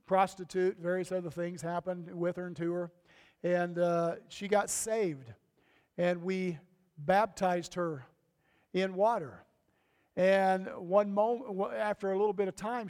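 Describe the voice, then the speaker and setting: A man's voice: high voice, a little mellow, big-room sound. A male pastor delivering a folksy, emphatic sermon, his voice rising sharply on key points. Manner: folksy, emphatic preaching with sudden rises.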